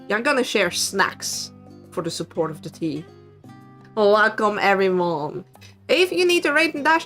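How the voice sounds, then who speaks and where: A woman's voice: mid-range voice, fairly bright tone. A woman streamer chatting casually with her viewers in a giggly, playful, teasing manner. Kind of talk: casual live-stream chat.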